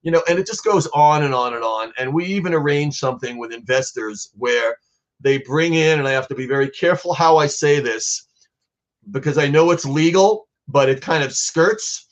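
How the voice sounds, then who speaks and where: A man's voice: a little high, normal speed. A man being interviewed about his art program, talking earnestly and growing emotional as he tells a personal story. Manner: earnest, grows emotional while telling a story. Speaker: guest artist.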